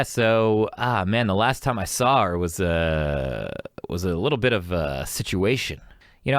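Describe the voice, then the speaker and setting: A man's voice: lowish voice, fairly bright tone, dry recording, studio quality. A young man hosting an advice podcast, telling a rambling, self-mocking story and acting out both sides of an argument. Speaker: podcast host. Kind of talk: casual storytelling monologue.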